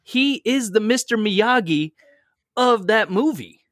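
A man in a casual podcast chat, making an earnest, deliberate argument. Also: high voice, animated, a bit bright, no room sound, studio quality.

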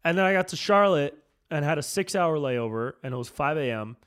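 Profane, rambling comedian ranting. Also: male voice, a little high, animated, fairly quick, fairly bright tone, smooth. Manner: loose and profane, peppered with "dude", jumps between mumbling and fired-up. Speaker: comedian and podcast host. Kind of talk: casual ranting monologue.

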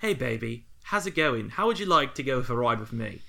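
A man's voice: medium pitch, big pitch swings, a little fast, vocal fry, sharp tone, exaggerated voice. A man voicing a seductive female devil in a put-on Australian accent. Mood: sultry.

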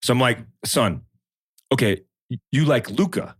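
A man's voice: mid-range voice, normal speed, husky, no room sound, studio quality. A man in his thirties in casual chat, telling a story and acting out the quotes. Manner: storytelling, animated, acts out quotes.

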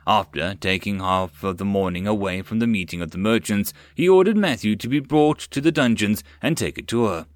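A man narrating a web novel audiobook, expressive and swinging with the action. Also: lowish voice, moderate pace, hardly any pauses, no echo, studio quality. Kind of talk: reading a web novel aloud.

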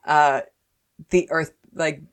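A woman with a notably low voice talks through a TV episode with a friend. She is playful, keeps slipping into quick little character voices and laughs easily. The talk is relaxed and conversational. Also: clear, resonant tone. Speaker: podcast co-host. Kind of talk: casual chat recapping a TV episode.

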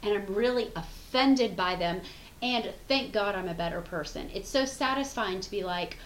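A woman's voice: medium pitch, normal speed. A woman co-hosting a podcast in casual chat, frank and reflective, laughing easily and swearing casually. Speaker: podcast co-host. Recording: roomy sound with faint background hum.

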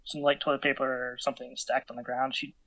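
A man's voice: medium pitch, flat delivery, fast talker, pushed and bright. A man in casual chat, telling a story animatedly with many fillers and restarts.

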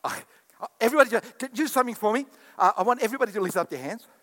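Animated high-pitched preaching man. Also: racing. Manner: animated preaching, acts out quoted voices, calls to congregation. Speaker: pastor. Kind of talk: sermon. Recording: echoey hall with long reverb.

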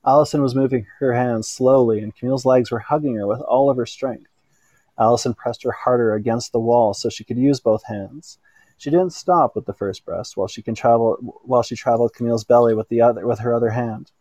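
A man reading an erotic story aloud in an unhurried way, now and then stumbling and correcting himself. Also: medium pitch, steady tone, mellow, no echo. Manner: unhurried reading with small slips and self-corrections. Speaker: narrator.

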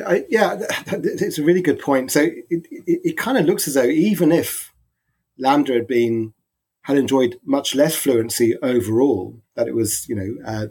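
A man's voice: mid-range voice, darkish tone, slightly rough. A man on a philosophy panel, stammering and restarting as he works through a point. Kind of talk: casual academic discussion.

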